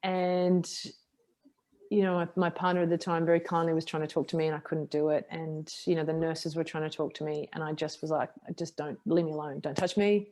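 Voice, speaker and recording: Low-voiced woman telling her story. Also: a little fast. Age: middle-aged. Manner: frank, self-deprecating, animated retelling with acted quotes. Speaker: podcast guest, martial artist. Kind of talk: candid interview storytelling.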